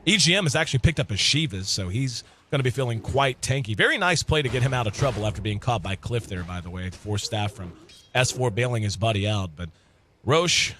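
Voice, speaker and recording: A man's voice: medium pitch, expressive, brisk, fairly bright tone, slight background noise. Chatty man calling a live video game match. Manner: conversational, thinks aloud with fillers, laughs easily. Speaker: esports commentator.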